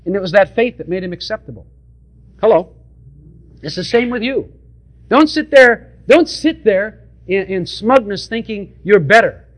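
High-voiced preacher, emphatic sermon. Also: male voice, expressive, normal speed, long pauses. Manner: emphatic, repetitive, direct address to the congregation.

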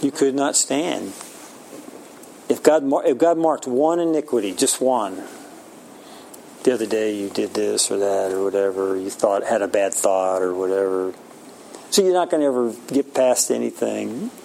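Man, 60s, gravelly voice, candid faith talk, self-mocking, faint background hiss. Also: on the low side, unhurried, pauses often, mellow, poor audio. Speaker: Christian speaker.

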